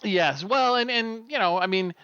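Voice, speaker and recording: A man's voice: high voice, normal speed, pushed and bright, smooth, no room sound. A middle-aged man co-hosting a podcast, chatting casually and rambling with lots of fillers and restarts. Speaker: podcast co-host. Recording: dull lo-fi dry sound.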